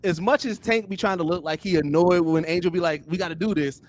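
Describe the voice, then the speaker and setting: A young man in casual podcast chat, animated and full of fillers, often circling back with "here's the thing.". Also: sits high, fast. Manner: animated, repeats "here's the thing" and "you know what I'm saying". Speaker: podcast guest.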